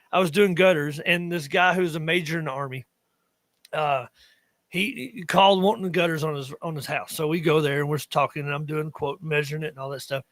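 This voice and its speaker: A man's voice: a little high, fairly bright tone, dry recording. A man in his thirties with an Appalachian accent, co-hosting a podcast and telling rambling stories in casual chat, often breaking off mid-sentence. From Appalachia, western North Carolina. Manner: rambling, self-interrupting storyteller. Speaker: podcast co-host.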